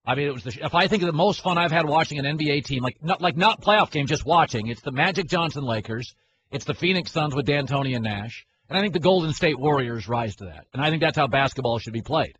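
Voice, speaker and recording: A man's voice: on the high side, lively intonation, fast talker, fairly bright tone. A man hosting a sports talk show, opinionated and rambling, often stopping and restarting his sentences. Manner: rambling, opinionated, self-interrupting. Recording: slightly muffled, faint hiss.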